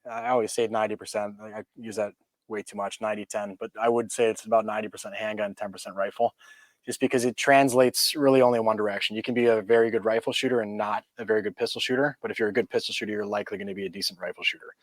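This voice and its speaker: A man's voice: fairly low pitch, fairly even intonation, very fast, no room sound. A man from Canada, a firearms trainer, explaining his training casually on a podcast with self-deprecating humor.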